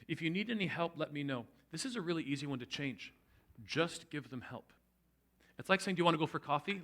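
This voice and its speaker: A man gives a casual, heartfelt sermon from a church stage. His voice is bright and forceful, and he slips into short acted-out exchanges as he talks. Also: medium pitch. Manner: earnest and animated, acts out quoted lines. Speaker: guest speaker at a church service. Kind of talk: conversational sermon. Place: church sanctuary.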